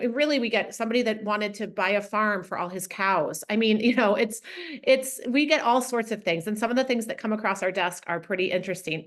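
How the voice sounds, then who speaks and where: Blunt woman talking frankly. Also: medium pitch. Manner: blunt, frank, many fillers. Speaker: interview guest, funding consultant. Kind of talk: casual interview talk.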